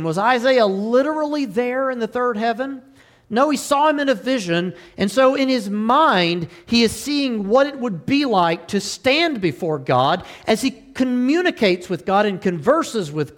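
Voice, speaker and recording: High-voiced preacher swinging loud and low. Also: male voice. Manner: swings between loud pleading and low solemn tones; reads scripture in King James wording. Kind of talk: sermon.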